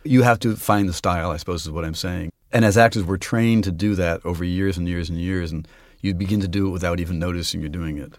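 A man's voice: low-pitched, quick pace, darkish tone, no room sound, studio quality. A man who is an actor, talking in an interview in a reflective way about how he reads stories aloud. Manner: reflective, explains his craft with spoken examples. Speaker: actor and guest. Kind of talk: conversational interview.

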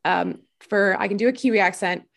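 A woman's voice: mid-range voice, a little fast, vocal fry. Woman guest, self-deprecating and laughing. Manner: reflective, earnest when explaining. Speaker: podcast guest. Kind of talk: casual chat.

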